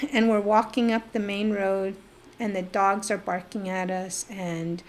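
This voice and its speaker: A middle-aged woman from the Navajo Nation, telling her life story as a podcast guest in a lively, animated way. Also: mid-range voice, slow pace, a little hiss or hum. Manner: animated storyteller who acts out remembered voices. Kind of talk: personal storytelling in a casual interview.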